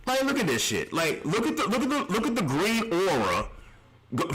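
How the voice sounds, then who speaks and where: A man's voice: high-pitched, wildly swooping pitch, normal speed, fairly bright tone, faint music behind, poor audio. A man streaming live reactions, ranting in an exasperated, heavily profane way.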